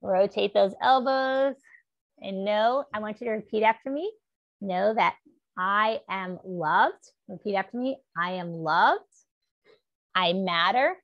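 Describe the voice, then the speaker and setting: A woman teaching a gentle stretch class, encouraging and upbeat, leading spoken affirmations. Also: mid-range voice, slow pace, pauses often, no echo, muffled recording. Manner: upbeat and encouraging, with laughs and cheers.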